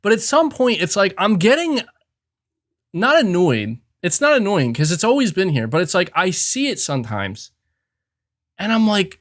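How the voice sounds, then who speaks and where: A man's voice: high voice, sing-song, moderate pace, fairly bright tone, no echo, studio quality. A man hosting a live podcast, chatting casually and rambling through reflections with lots of fillers and restarts. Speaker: podcast host. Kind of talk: casual livestream chat.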